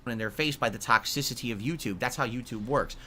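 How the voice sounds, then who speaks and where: A man's voice: medium pitch, fast talker, sharp tone, breathy edge. A man speaking in a documentary interview, sounding aggrieved and defensive about how he is treated online. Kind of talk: interview clip played on stream.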